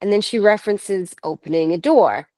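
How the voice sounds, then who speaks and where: A woman in her thirties from Canada, telling a ghost-hunt story in an animated, chatty way, laughing often and quoting others. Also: medium pitch, moderate pace, dry recording. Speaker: paranormal investigator guest. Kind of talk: casual storytelling.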